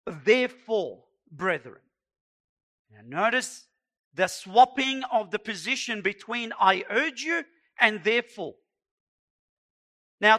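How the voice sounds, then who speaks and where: Male preacher with a raised, bright tone; slow, pleading, emphatic sermon. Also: very high voice. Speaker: pastor.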